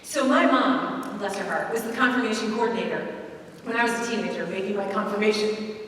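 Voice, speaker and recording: A woman giving a lively, self-mocking storytelling talk to an audience in a large hall. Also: medium pitch, a little fast, a little hiss or hum. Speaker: speaker at a faith event. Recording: echoey hall, mic at a distance.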